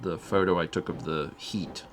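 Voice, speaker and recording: A man's voice: low voice, moderate pace, a little hiss or hum. A man chatting casually on a game stream, rambling and amused, with frequent fillers and asides.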